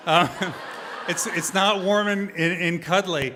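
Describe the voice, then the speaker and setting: Animated man telling a story on stage. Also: sits high, a little slow, a little hiss or hum. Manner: animated, self-deprecating, laughing through lines. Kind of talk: live personal storytelling. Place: stage at a live storytelling event.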